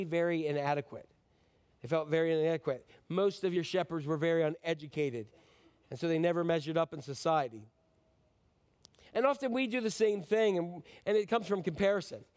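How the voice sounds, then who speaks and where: A man's voice: fairly high pitch, a little fast, darkish tone. A male pastor giving a Christmas sermon in a church, talking conversationally and joking with the congregation, often asking them questions.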